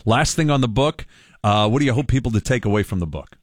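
A man's voice: medium pitch, fast, dry recording, clean studio sound. A man hosting a radio interview, chatting and promoting his guest. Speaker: radio host.

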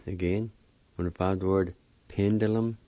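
A man giving a slow spelling and pronunciation lesson, spelling out letters and repeating syllables one by one. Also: low voice, steady tone, dark tone, no echo. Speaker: language teacher. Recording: muffled lo-fi recording.

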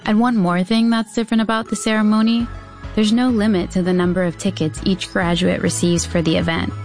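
A woman reporter giving a scripted, measured news narration. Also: medium pitch, faint music behind. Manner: measured, even storytelling delivery.

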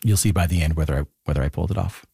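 Man, radio host, lowish voice, dry close studio sound, casual and playful. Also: racing, gravelly, warm tone, husky, no echo. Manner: playful, tries falsetto to demonstrate. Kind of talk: casual interview.

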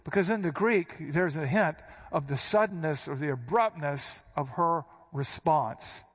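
A man's voice: a little high, unhurried. Emphatic man teaching scripture. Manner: emphatic, repeats quoted lines with sharp stress. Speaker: preacher. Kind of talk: verse-by-verse Bible teaching.

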